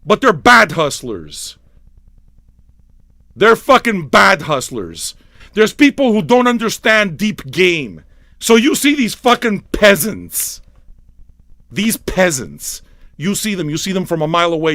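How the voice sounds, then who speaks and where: Swearing record show host ranting away, bright high voice, super up and down, dry close sound. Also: male voice, no echo. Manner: swearing, yelling, mocking impressions. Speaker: livestream radio DJ. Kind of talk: profane comic rant.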